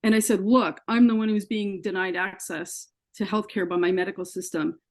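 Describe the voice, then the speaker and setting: A woman's voice: medium pitch, fairly even intonation, normal speed. Earnest woman telling her story. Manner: earnest storytelling, acts out quoted dialogue. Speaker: interview guest. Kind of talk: personal story in an interview.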